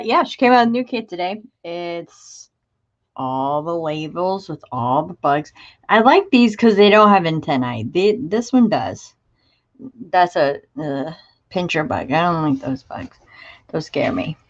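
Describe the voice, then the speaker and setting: A chatty woman hosts a craft livestream at an unhurried pace, her slightly low voice swooping up and down as she greets viewers by name. The sound is dull and lo-fi, like a phone or webcam mic. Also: sing-song. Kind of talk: casual live chat while showing craft supplies.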